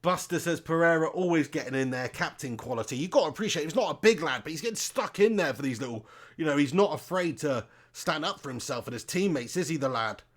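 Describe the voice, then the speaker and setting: A man hosting a live football watch-along, chatting loosely and reading viewer comments aloud. He calls viewers mate, and his voice sits a little high. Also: lively intonation, fast talker. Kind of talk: casual live-stream commentary.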